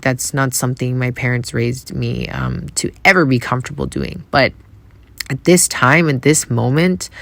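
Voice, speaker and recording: A woman from Canada hosting a podcast, telling a personal story in a soft, reflective way with many hesitations. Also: very deep voice, vocal fry, no echo. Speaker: podcast host.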